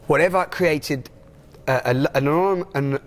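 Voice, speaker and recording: Male guest, excitable and rambling, slightly high voice. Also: normal speed. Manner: enthusiastic, rambling, many restarts. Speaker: interviewee. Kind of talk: casual chat.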